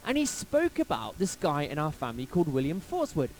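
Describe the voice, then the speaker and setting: A man from England, a pastor telling a personal story in a sermon, lively and anecdotal, acting out quotes along the way. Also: on the high side, a little fast, rough recording.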